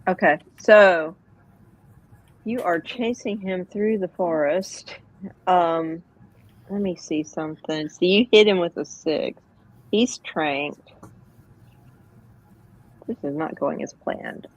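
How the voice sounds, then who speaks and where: Slow-talking woman game master. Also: fairly low pitch, muffled recording. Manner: hesitant, thinking aloud with many ums. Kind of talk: narrating a tabletop game.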